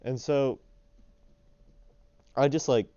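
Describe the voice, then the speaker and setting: Young male storyteller, rambling and animated, smooth voice, dry dull lo-fi sound. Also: medium pitch, slow, dry recording. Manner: rambling, filler-heavy, animated retelling. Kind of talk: casual storytelling voice-over.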